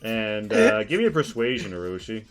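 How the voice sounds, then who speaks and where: A man narrating a tabletop game as game master, casual and halting with many fillers. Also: on the low side, lively intonation, faint music behind.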